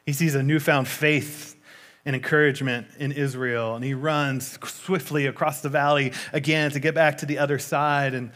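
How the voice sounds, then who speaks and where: A man preaching a sermon in a conversational way, retelling a story with lively asides. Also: a little high, normal speed.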